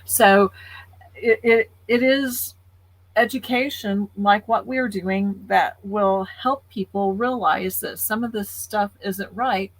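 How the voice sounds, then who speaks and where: A woman's voice: medium pitch, fairly even intonation, slow pace, no echo, rough recording. Earnest woman podcast co-host, dry sound. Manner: earnest, explanatory. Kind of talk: casual podcast talk.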